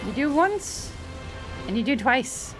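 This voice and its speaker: A woman's voice: sits high, sing-song, slow pace, music in the background. A woman streamer playing a game live, shrieking, swearing and laughing, then chatting with her viewers. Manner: chatty, reads and answers chat. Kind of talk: live gameplay commentary.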